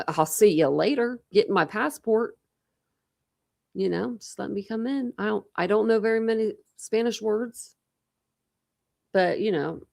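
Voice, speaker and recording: A young woman chats loosely with her live-stream viewers, full of restarts and repeated words. Her voice sits on the low side and carries a gravelly fry throughout. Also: darkish tone. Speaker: true crime channel host.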